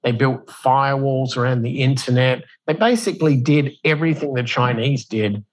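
A man, a guest in a conversation, explaining at length in a loose, animated way, with fillers and restarts, and acting out quotes in a raised voice. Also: mid-range voice, normal speed, rough recording. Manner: animated storyteller who acts out quotes in a raised voice.

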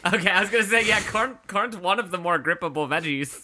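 A man's voice: sits high, animated, fast talker, pushed and bright. A man co-hosting a podcast in casual chat, joking and teasing with dry sarcastic asides. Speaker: podcast co-host.

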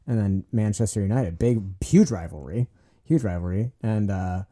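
A man co-hosting a casual podcast, telling animated stories full of "like" and acting out quoted voices. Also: on the low side, normal speed. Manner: animated storyteller, heavy on "like"; acts out quoted voices and laughs often. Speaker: podcast co-host.

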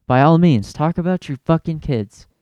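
Young man, profane comedic rant, exasperated, smooth clear voice, dry close mic. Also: on the high side, animated, moderate pace, no room sound. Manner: profane, exasperated, loud bursts. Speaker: podcast host.

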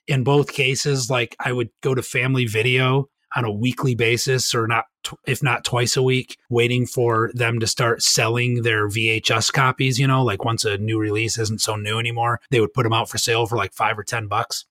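A man rambling happily through a movie story in casual podcast chat. His voice sits at an ordinary middle pitch. The sound is dry and close, with no room around it. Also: level tone, normal speed, pushed and bright, dry recording. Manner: enthusiastic rambling storyteller, laughs often. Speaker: podcast guest.

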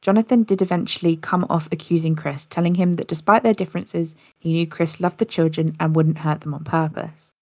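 A woman with a low, gravelly voice narrates a story in a relaxed podcast manner, now and then tripping and restarting. The sound is dry and close, with no room around it. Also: a little fast, hardly any pauses, dry recording. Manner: casual, occasional slips and restarts.

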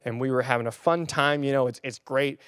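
A man's voice: medium pitch, steady tone, a little fast, fairly bright tone, smooth, dry recording, studio quality. Chatty young man preaching a story sermon. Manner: chatty, rambling with fillers and restarts. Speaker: pastor. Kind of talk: casual sermon with personal story. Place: church or room filmed on camera.

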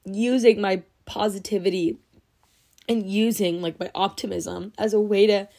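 A woman's voice: medium pitch, steady tone, normal speed, vocal fry, dark tone. A young woman hosting her own podcast, talking in a casual, gushing way, full of "like", and close to tears. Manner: gushing, heavy use of "like", emotional and teary. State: teary, on the verge of crying. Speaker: podcast host. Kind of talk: casual solo podcast chat.

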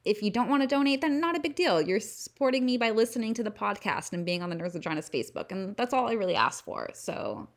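A woman's voice: medium pitch, lively intonation, fast, few pauses. A young woman hosting a casual solo podcast, chatty and self-deprecating, laughing often and swearing freely. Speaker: podcast host.

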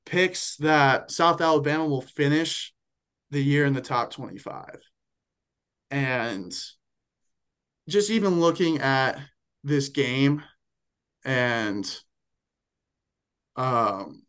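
A young man co-hosting a sports podcast, talking at an unhurried pace in a fairly high voice. He rambles through his picks, circling back and correcting himself as he goes. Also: a bit bright. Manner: rambling, self-correcting, enthusiastic about picks. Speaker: podcast co-host. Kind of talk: casual sports chat.

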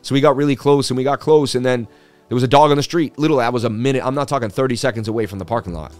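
A man's voice: medium pitch, racing, darkish tone, faint music behind. A man hosting a crypto market livestream, chatting casually and reading viewer comments aloud.

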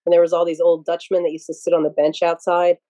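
Woman guest from Pennsylvania, lowish and warm, casual and rambling, dry close recording. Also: level tone, fast, no room sound, low-quality recording. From Pennsylvania, USA. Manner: rambling, digressive, many restarts. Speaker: podcast guest. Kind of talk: casual interview storytelling.

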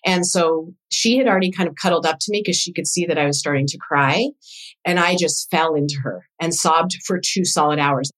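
Low-ish voiced woman, doula coach guest, earnest and open, just telling her story. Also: a little fast, fairly bright tone. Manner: earnest, reflective, emotionally open. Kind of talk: personal storytelling in conversation.

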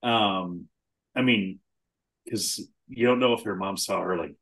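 Low-voiced man in animated movie chat. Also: a little slow. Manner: animated, swears casually, laughs often. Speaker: podcast co-host. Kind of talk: casual film discussion.

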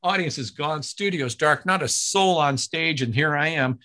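An animated male broadcaster tells a story in an interview, stumbling over restarts and acting out quotes. His voice is bright and forward, sitting a little high for a man. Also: normal speed.

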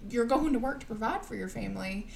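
A woman's voice: fairly high pitch, expressive, fast, vocal fry, darkish tone, slight background noise. A woman co-hosting a podcast, teasing her co-hosts and talking straight to the listeners. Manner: teasing, addresses listeners as y'all. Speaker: podcast co-host. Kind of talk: casual chat.

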